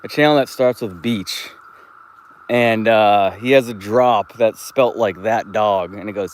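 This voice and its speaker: A man's voice: medium pitch, lively intonation, normal speed, a little hiss or hum. Rambling man streaming on a walk. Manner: rambling, laid-back, swears freely. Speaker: live streamer. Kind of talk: casual rambling live stream. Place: outdoors, walking through a park and woods.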